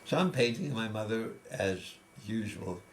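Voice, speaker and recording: A man in his eighties with a lowish voice tells long personal stories. He talks in a reflective, conversational way, often restarting a phrase before carrying on. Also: animated, a little slow, a little hiss or hum. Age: 80s. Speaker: interviewee. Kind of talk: casual storytelling.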